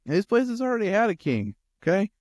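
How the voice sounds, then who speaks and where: A male campus pastor giving a lively sermon who acts out quotes and addresses his listeners directly. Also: high voice, brisk, dry recording, studio quality.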